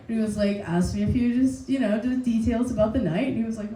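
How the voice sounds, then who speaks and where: A woman hosting a comedy night, telling an animated story full of laughs and swearing before introducing the next comic. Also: high-pitched, fairly quick, echoey room, low-quality recording. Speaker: comedy show host. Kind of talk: stand-up host introduction. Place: pub comedy stage.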